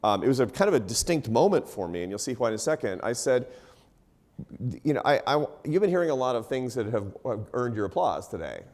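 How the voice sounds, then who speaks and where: Animated middle-aged American man storytelling. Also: mid-range voice, fairly quick. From United States. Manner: animated, laughing often, self-deprecating asides. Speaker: panelist. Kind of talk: storytelling talk on stage. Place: event hall before a live audience.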